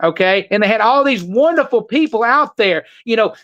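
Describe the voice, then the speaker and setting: An older man speaks as a podcast guest, his voice sitting high for a man. He talks with urgent intensity, restarting sentences and repeating words as he pushes on. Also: animated, moderate pace, a bit bright, highs cut off. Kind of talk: podcast conversation.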